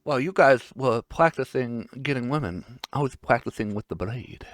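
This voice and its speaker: A man's voice: mid-range voice, animated, moderate pace, no room sound, close to an everyday voice. A man voicing a cool, stern male swordsman in a dry, matter-of-fact way.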